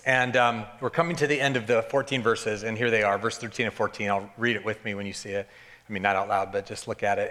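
A man's voice: on the low side, steady tone, fast talker, bright, forceful tone. A man preaching a sermon to a congregation in church, joking and chatting informally as he teaches. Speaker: pastor. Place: church service before a congregation.

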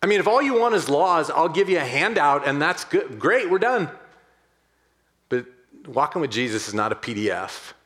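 Pastor, man, chatty sermon, drops soft then lifts up excited, talks right to the church. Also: a little high, moderate pace. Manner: conversational, animated, swings between hushed and excited; addresses the congregation directly.

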